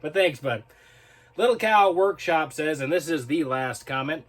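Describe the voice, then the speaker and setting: A man's voice: on the high side, lively intonation, measured pace. A man hosting his own video channel, reading viewer comments and rambling in a casual, chatty, self-mocking way. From North Carolina, US. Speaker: video host.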